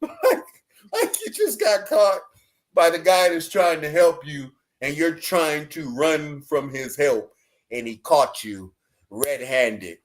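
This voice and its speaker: A man with a notably high-pitched voice tells a personal story as a guest on a podcast. He talks in a lively, animated way and laughs easily as he goes. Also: takes it slowly. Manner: lively, laughing, acts out dialogue in his story.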